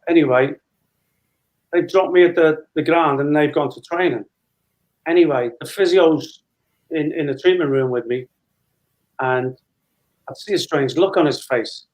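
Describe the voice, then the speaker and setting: A man's voice: on the high side, darkish tone, rough recording. A man in his fifties, a guest telling a long casual anecdote and acting out dialogue as he goes. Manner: chatty storyteller, re-enacting dialogue with laughs.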